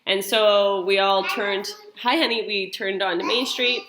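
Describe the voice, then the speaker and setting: Woman, 30s-40s, church mom, casual storyteller, bright crisp voice, filler-heavy delivery. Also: medium pitch, steady tone, a little slow, slight background noise. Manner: chatty, rambling, full of fillers and restarts. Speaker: mother leading a church welcome and prayer. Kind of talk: casual storytelling and spoken prayer.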